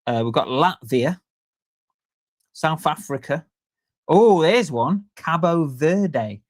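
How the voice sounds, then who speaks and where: A man's voice: on the high side, lively intonation, slow, no echo. A man co-hosting a casual podcast, chatty and jokey as he reads out listener stats. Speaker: podcast co-host. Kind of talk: casual chat.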